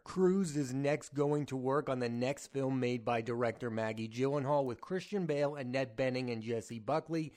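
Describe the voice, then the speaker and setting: A man's voice: medium pitch, darkish tone. A man hosting a film podcast, giving his candid, strongly opinionated takes in a conversational way. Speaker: podcast host, film critic.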